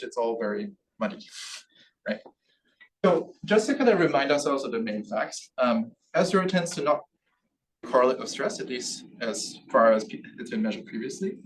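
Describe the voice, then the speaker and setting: Man giving an academic lecture, distant mic. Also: mid-range voice. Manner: explains with frequent "right?" checks and "um" fillers. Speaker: linguistics researcher giving a seminar talk. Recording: distant mic in a room with faint background noise.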